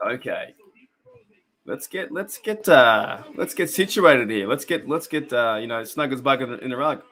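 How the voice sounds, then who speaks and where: Lively intonation and a fairly bright tone mark this young Australian man's mid-range voice, which moves at a moderate pace. He's running a casual fan live stream, rambling and chatting with the audience about a game, laughing frequently and calling out viewers by name.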